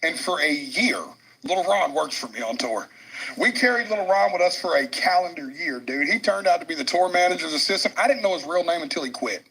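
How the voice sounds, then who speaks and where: A man telling a story on a podcast, excitable and crude, laughing often. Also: fairly high pitch, fairly quick, slightly rough, rough recording. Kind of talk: animated storytelling.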